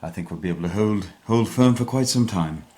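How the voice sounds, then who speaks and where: A man's voice: lowish voice, brisk, darkish tone, lightly acted. A man voicing an unflappable British officer with a put-on posh British accent, pompous and understated. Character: stiff-upper-lip British officer, unflappable.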